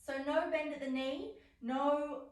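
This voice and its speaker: A young adult woman with a high-pitched, fairly even, unhurried voice leads a stretching class, counting reps and offering encouraging cues. It's guided exercise instruction, recorded with a roomy echo so she sounds far away.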